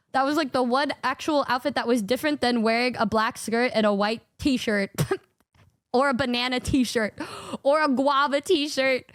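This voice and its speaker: High-voiced excitable young woman storyteller. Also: no room sound, studio quality. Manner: excitable, swearing, slangy, laughs often, acts out quotes. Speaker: streamer telling trip stories. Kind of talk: casual storytelling.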